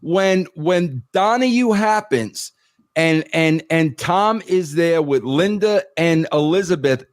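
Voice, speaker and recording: Man, interview host, high voice, clarifying questions, polite interruptions. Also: lively intonation, slow pace. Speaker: podcast host.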